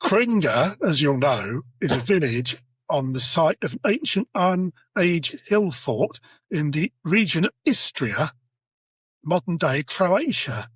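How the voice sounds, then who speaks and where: A man's voice: on the high side, big pitch swings, measured pace, fairly bright tone, slightly rough, no room sound. A British man hosting a comedy history podcast, teasing his co-hosts as he tells the story. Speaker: podcast host.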